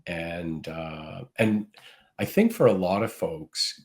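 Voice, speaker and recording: A man's voice: sits low, takes it slowly. A man being interviewed as a gratitude speaker, earnestly telling a story and acting out the quoted dialogue. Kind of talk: interview answers.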